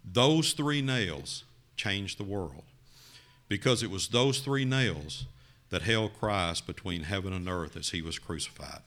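A man preaching a sermon, telling a story with dramatic rises and quiet drops. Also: expressive, measured pace. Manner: dramatic, rising to loud emphasis then dropping low.

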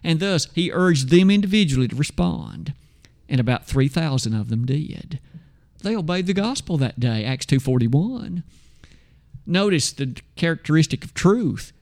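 A man preaching a sermon, emphatic, asking rhetorical questions and slowing down to stress scripture. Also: on the high side, expressive, vocal fry, a little mellow.

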